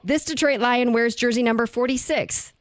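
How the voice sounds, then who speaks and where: A woman's voice: on the high side, moderate pace, no room sound, studio quality. Chatty woman radio host. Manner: chatty, reads news and quiz questions evenly. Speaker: radio co-host, game presenter. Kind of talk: casual radio chat and quiz hosting. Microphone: studio microphone.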